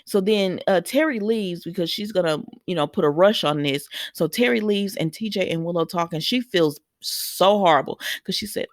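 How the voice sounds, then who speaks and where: A woman's voice: fairly low pitch, moderate pace, no echo, studio quality. A woman casually recapping soap opera episodes for viewers, retelling scenes with quoted lines and adding opinionated asides. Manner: opinionated asides scolding characters.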